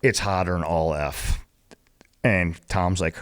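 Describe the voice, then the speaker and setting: A retired Marine guest telling profane, animated war stories in casual chat, full of "like" and "right?". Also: male voice, sits low, normal speed, gravelly. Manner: profane, animated storytelling with lots of fillers. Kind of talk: casual storytelling.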